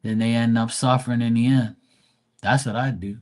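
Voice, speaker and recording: A man's voice: mid-range voice, steady tone, normal speed. A man hosting a live stream and chatting casually to his viewers, crude and boastful, rambling with lots of fillers. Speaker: live-stream host talking to chat.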